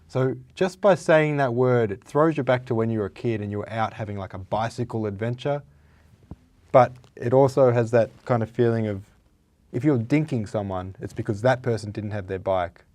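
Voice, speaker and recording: A young Australian man hosting a vocabulary vlog, his voice hoarse and raspy from days of talking, chatting playfully with lots of fillers. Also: medium pitch, moderate pace, darkish tone, no echo. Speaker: vlog host. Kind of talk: casual chat about words.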